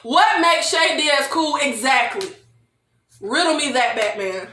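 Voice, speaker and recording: A young woman recaps a TV episode in a comedic, chatty way. Her high, bright voice leaps all over its range. The room around her sounds echoey. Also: measured pace, a little hiss or hum. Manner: animated, laughs often, mock-quotes characters in exaggerated voices. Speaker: TV recap vlogger.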